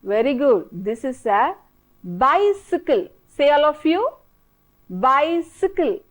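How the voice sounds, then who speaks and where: A woman teacher with an Indian English accent, speaking high and sing-song with lively rises and falls. She works slowly and patiently, repeating each word and coaxing the class to say it back. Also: rough recording. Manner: slow, repetitive, coaxing drill-style prompting. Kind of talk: televised classroom English lesson.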